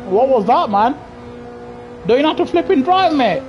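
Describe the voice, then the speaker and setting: A woman doing live racing gameplay commentary, excitable and trash-talking other drivers, bursting into shouts. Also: high voice, normal speed, dull audio, slight background noise. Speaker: gaming streamer.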